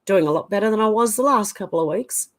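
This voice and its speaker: Aussie woman host, mid-pitch, reads chat comments and chats back, still coughy from flu. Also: lively intonation, fast. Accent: Australian. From Australia. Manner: reads viewer comments aloud and reacts, chatty with fillers. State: getting over the flu, coughing. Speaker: live stream host. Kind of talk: casual live-chat reading.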